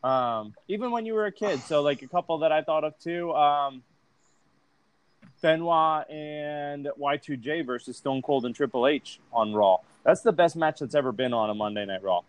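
A man's voice: fairly high pitch, normal speed, smooth, no echo. Casual man hosting, dry close sound. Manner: steers the talk, swears casually. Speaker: podcast host. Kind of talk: casual chat.

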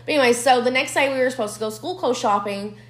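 A woman's voice: fairly high pitch, fast, a little hiss or hum. Young woman, podcast co-host, blunt and profane storyteller; roomy echo on the mic. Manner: blunt, swears freely, animated storytelling. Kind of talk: casual storytelling chat. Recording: echoey room.

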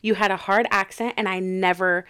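A young woman in her twenties, a podcast guest, chatting casually and telling stories with lively quoted voices. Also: mid-range voice, moderate pace, clean tone. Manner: animated storytelling with acted quotes.

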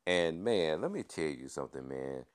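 A man's voice: rumbling low, animated, normal speed. A man hosting a podcast, giving a casual news and sports recap in a laid-back way, peppering his talk with "man" and playful wordplay. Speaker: podcast host.

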